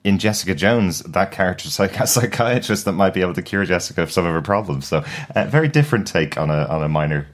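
Deep-voiced man explaining on a podcast. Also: expressive, fast, hardly any pauses. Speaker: podcast co-host. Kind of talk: casual chat.

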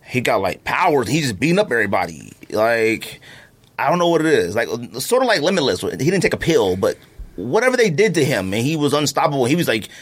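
A man hosting a sneaker podcast in loose, slangy casual chat, playful and quick to laugh. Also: medium pitch, sing-song, husky. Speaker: podcast host.

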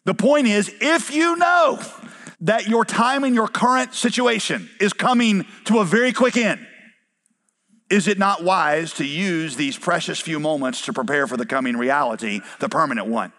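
A middle-aged man preaching a sermon to his congregation, lively, with acted-out quotes and rhetorical questions. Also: high voice, normal speed. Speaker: pastor.

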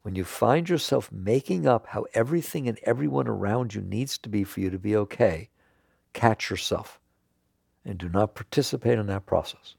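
Man, spiritual talk, earnest, dry close sound, raspy. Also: moderate pace, darkish tone, no room sound. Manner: earnest, laughs and jumps high when emphatic. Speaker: spiritual teacher.

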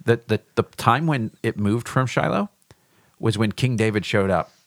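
A man with a fairly low voice guides a podcast Bible discussion as a pastor. He thinks aloud and often circles back and restarts his sentences. The sound is dry and close, with no room around it. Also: animated, normal speed, dry recording.

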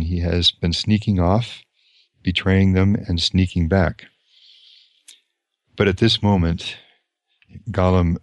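A man with a very deep voice reads a novel aloud and reflects on it in a slow, measured way, pausing often. The sound is dry and close, with no room in it. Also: no echo. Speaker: priest.

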